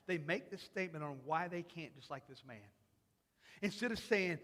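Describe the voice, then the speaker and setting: A man preaching a sermon in a church, acting out imagined voices and rising into loud, emphatic passages. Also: fairly high pitch, animated, normal speed. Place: church sanctuary. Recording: long hall reverb.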